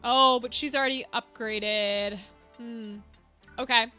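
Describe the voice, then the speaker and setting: Bright, high-voiced woman chatting while gaming. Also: steady tone, slow, smooth. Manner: chatty, thinks aloud while managing equipment. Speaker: streamer playing a video game. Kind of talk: casual gameplay chat with viewers. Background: game music.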